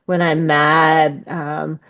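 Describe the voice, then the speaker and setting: A woman speaking as a podcast guest on ecopsychology, reflective and halting, with many ums as she searches for words. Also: deep voice, level tone, fairly bright tone, no echo, muffled recording. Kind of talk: reflective interview conversation.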